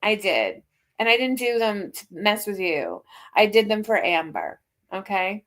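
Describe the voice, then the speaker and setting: A woman's voice: medium pitch, very animated, unhurried, fairly bright tone. A woman hosting a casual livestream, chatting and teasing with frequent laughs while greeting viewers. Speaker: livestream host.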